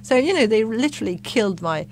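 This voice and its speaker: A middle-aged woman with a French accent who speaks English as a second language, telling stories in a relaxed, reflective interview with a lot of hesitant restarts. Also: on the high side, fast talker, a little hiss or hum. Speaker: guest, former ambassador. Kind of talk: casual interview chat.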